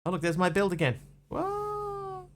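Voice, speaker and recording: A man of mid pitch talks his way through a live stream of a block-building game, rambling and chatty, with sudden excited greetings for viewers. Faint hiss and mouse clicks sit under his voice. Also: normal speed. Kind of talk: casual game commentary.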